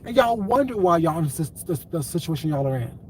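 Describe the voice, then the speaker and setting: A high-voiced man rants straight to his viewers, swearing freely and hammering the same point over and over. A faint hiss of background noise sits under the voice. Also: sing-song, a little fast, darkish tone, rough recording. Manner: profane, repetitive, confrontational. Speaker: commentary vlogger. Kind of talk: ranting commentary vlog.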